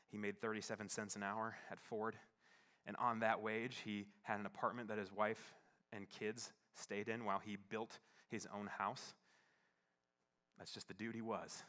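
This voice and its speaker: A young adult man, a pastor, telling a personal story in a sermon, halting and full of fillers, turning hushed as it grows tender. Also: on the low side. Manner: halting, many fillers, shifts from playful to hushed and tearful.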